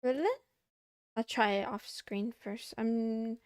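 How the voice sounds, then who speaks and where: A woman's voice: fairly high pitch, slow pace, dry recording, clean studio sound. A young woman streamer chatting casually to her chat, playful and a bit whiny, meowing and muttering to herself. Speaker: VTuber livestreamer.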